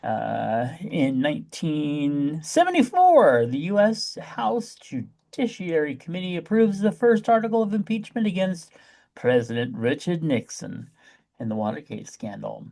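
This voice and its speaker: A man's voice: a little high, big pitch swings, measured pace, gravelly, darkish tone. Guy hosting his podcast, chatty, playful and campy, just talking casual. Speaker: podcast host.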